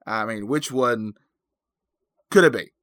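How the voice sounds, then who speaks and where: A man's voice: mid-range voice, slow, a bit bright, no echo, studio quality. A man giving a rambling, self-deprecating comedic recap, full of fillers and asides. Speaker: comic movie recapper.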